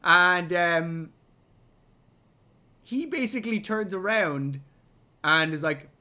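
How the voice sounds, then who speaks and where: A man recaps a film on a casual review podcast. His voice sits high and bright, and it swings widely as he talks. He keeps dropping into mocking impressions of the characters. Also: lively intonation, slow pace, dull audio. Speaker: podcast co-host.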